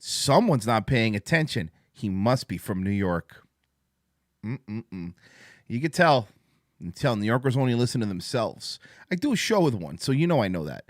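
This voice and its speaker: A man's voice: medium pitch, fairly bright tone, no room sound, studio quality. A man hosting a casual livestream talk show, rambling and profane, amped up on coffee. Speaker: podcast host.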